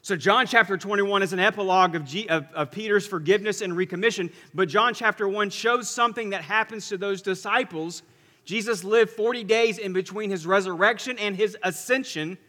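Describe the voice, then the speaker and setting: A male pastor preaches in a church sanctuary, telling the story in an animated way and moving from loud to hushed. His voice is high and bright. A long reverb rings through the hall. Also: a little fast. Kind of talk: sermon.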